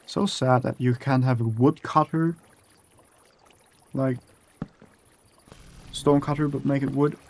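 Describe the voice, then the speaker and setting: A man's voice: mid-range voice, fairly even intonation, takes it slowly, pauses often. A young man chatting casually and swearing often as he narrates building in a game and talks to himself. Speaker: gaming streamer. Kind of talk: casual gameplay commentary.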